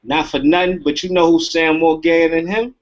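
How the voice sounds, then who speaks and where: A man's voice: a little high, fairly even intonation, moderate pace, lo-fi sound. A man talking bluntly in street slang on a casual online talk show.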